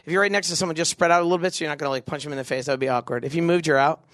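A young man leading a big youth crowd through a game, joking and doing quick silly voices. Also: a little high, fairly bright tone, dry recording, studio quality. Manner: goofy, quick asides, acts out voices. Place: event venue with a live audience.

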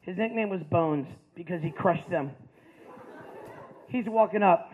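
A man doing stand-up storytelling, animated and acting out the people in his story. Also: sits high, unhurried. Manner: animated, acts out characters. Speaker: stand-up comedian. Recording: tinny phone-like sound.

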